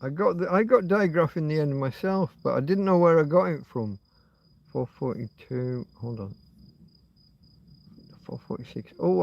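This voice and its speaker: A man's voice: mid-range voice, gravelly, lo-fi sound. Rambling sweary man on a late-night stream. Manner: musing, sweary, self-talking. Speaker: livestream host. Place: outdoors at night near a road.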